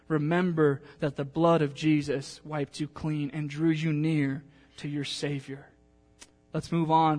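A man's voice: a little high, darkish tone. A male pastor preaching a sermon, telling a personal story in a chatty, emotional way with many fillers, then reading scripture aloud.

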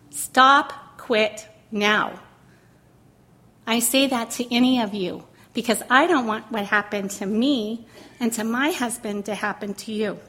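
A middle-aged woman sharing a personal testimony in a sermon, earnest and emotional, drawing words out slowly for emphasis. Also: fairly high pitch, a bit bright. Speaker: pastor's wife speaking to a congregation.

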